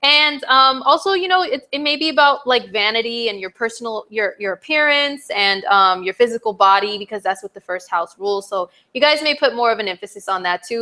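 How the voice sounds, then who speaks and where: Chatty woman astrologer. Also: on the high side. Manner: chatty and animated, with playful exclamations and frequent fillers. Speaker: astrologer giving a weekly forecast. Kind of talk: casual spoken forecast to viewers.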